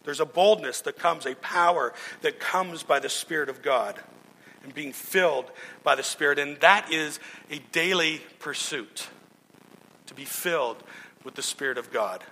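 A male pastor preaches at a measured pace, telling stories earnestly and repeatedly restarting. His sharp-toned voice runs on the high side, and the recording carries long hall reverb.

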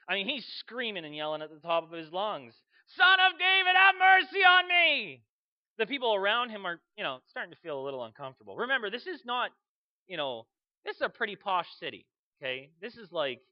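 A man preaching a sermon, telling the story with animated energy, acting out voices and sometimes shouting. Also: fairly high pitch, dull audio.

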